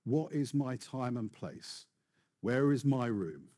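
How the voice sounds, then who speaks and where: A man preaching a sermon with animated, building emphasis and rhetorical questions. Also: mid-range voice, takes it slowly.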